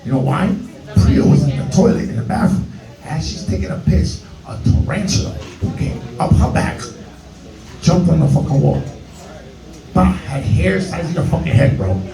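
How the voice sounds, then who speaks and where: Man in his forties, Bronx accent, stand-up comic, high voice, echoey room, mic far off, faint music. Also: animated, moderate pace, vocal fry. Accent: New York (Bronx). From the Bronx, New York. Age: 40s. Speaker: stand-up comedian. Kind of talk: stand-up storytelling.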